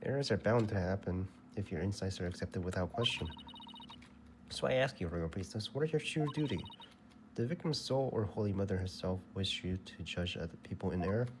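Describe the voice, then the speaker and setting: A man's voice: sits low, a little fast, background noise. Determined young defense lawyer, read by a man. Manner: reads game text in a flat voice. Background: game music.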